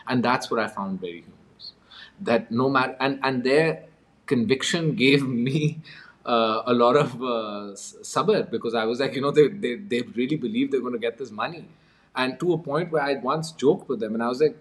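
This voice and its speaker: A man's voice: mid-range voice, normal speed. Wry man telling a story. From Pakistan. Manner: wry, amused, chuckles often. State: coughing with a cold. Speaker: interview guest. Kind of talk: conversational storytelling.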